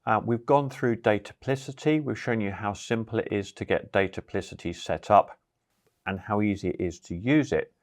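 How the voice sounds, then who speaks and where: A man hosting a tech tutorial, explaining network setup in a relaxed, casual way with some fillers. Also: on the low side. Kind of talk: casual screen-recorded tutorial.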